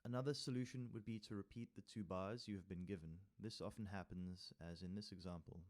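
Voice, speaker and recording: A man's voice: sits low, fairly even intonation, brisk, a little mellow. A man teaching music theory, reading from a workbook with casual asides and counting rhythms aloud. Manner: reads text aloud, then adds casual asides and taps rhythms with sung syllables. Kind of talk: tutorial walkthrough reading from a workbook.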